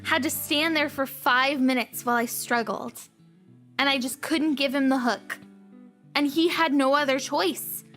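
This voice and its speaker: A young woman, telling stories in an animated, giggly way on a casual chat stream and acting out the people in them. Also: high voice, unhurried, faint music behind. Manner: animated storyteller, acts out voices and beeps; giggly, repeats lines for effect.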